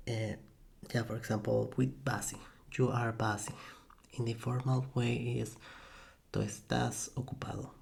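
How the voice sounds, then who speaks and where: A man tutors in a slow, soft-spoken ASMR style, his low voice carrying a gravelly fry. He talks in a halting way and corrects himself often, letting out soft little laughs. The tone is mellow and close to a desk microphone. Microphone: USB desk microphone.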